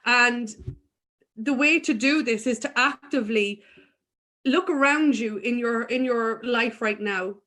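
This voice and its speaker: A woman with a somewhat high voice talks as a guest in a spiritual conversation. She is earnest and emphatic, and frank about her own struggles. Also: a little slow, a bit bright.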